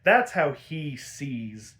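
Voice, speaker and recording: A man's voice: on the high side, big pitch swings, drawn-out words, fairly bright tone. Laid-back, swearing man recapping an episode. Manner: laid-back and profane, with frequent laughs and filler words. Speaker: podcast host.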